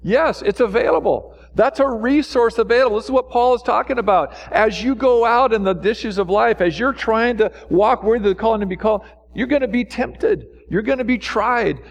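A pastor preaching a sermon with fervor, firing off rhetorical questions and lifting his voice when he urges his listeners on. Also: moderate pace. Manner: fervent preaching with many rhetorical questions, pitch swinging up when exhorting.

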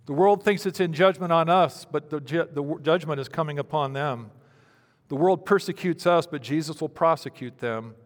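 A man's voice: fairly high pitch, normal speed. Dramatic preaching man in a reverberant hall. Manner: dramatic delivery, swinging from loud pleading to hushed near-whispers. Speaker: pastor. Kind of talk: sermon.

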